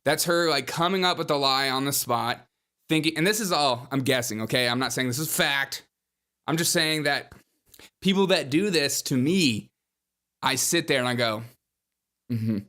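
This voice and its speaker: A male podcast host riffing in casual commentary. He is chatty and mocking, and keeps laughing between his points. His voice sits at a middle pitch for a man. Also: normal speed, pushed and bright.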